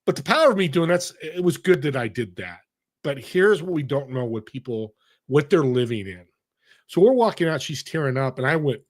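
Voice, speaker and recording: Animated storytelling man, fairly high voice. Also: brisk. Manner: animated, addresses the audience directly. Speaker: interview guest. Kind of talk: conversational storytelling.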